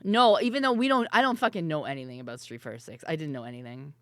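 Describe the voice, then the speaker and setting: A woman streamer chatting casually and loudly with her viewers, laughing often and swearing freely. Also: low-pitched, fast talker, dry recording, clean studio sound. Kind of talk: casual live-stream chat.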